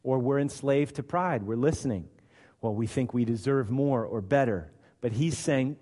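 A man preaching a sermon in a church hall, his voice trailing off in a long echo. He acts out the voices he quotes, rising to loud and dropping to hushed. His pitch sits in an ordinary middle range. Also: lively intonation, unhurried. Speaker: pastor.

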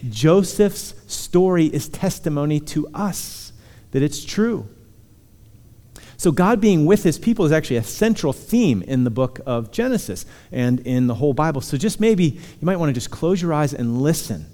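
A man's voice: a little high, expressive, normal speed, warm tone. A man preaching a sermon, earnestly reassuring his listeners and reading scripture aloud. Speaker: pastor. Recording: hall reverb.

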